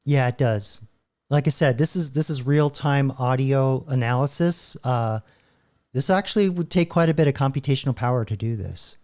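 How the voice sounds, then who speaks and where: A man's voice: medium pitch, normal speed, a little mellow. Rambling man hosting a commentary channel. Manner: rambling, stop-start, laughing often. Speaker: channel host. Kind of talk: casual commentary while browsing videos.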